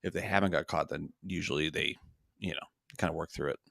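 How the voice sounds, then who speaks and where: A man co-hosting a podcast, laughing often and swearing in quick casual asides. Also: very deep voice, fairly even intonation, gravelly, a bit bright, no echo, clean studio sound. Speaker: podcast co-host. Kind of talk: casual chat.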